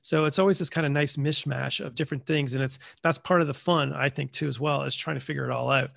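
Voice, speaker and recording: A man's voice: medium pitch, fairly even intonation, quick pace, creaky, fairly bright tone, no echo, clean studio sound. A man hosting a podcast, chatting casually and joking, often acting out imagined dialogue in quoted asides. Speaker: podcast host.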